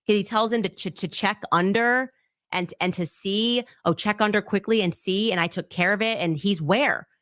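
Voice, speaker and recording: A woman commentator reading messages aloud and puzzling over them, thinking out loud with frequent restarts. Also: medium pitch, normal speed, no room sound, clean studio sound.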